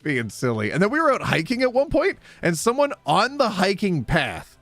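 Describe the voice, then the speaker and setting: A man's voice: sits high, normal speed, no echo, soft background music. A man chatting casually on a livestream, joking and laughing often. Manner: giggly, joking and animated, with playful put-on voices. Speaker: streamer.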